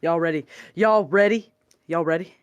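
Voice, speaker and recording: A man's voice: a little high, normal speed, clear, resonant tone, no echo, dull audio, voice pushed down, close to an everyday voice. A man voicing a drawling, rousing cowboy-style space hype man with a put-on American Southern accent. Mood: hyped.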